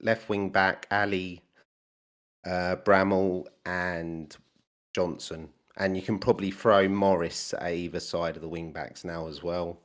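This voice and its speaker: An English man calling in to a fan podcast, talking football in a measured, pragmatic way. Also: deep voice, fairly even intonation. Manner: measured, pragmatic, listing players. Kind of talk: casual call-in football chat. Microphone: voice chat.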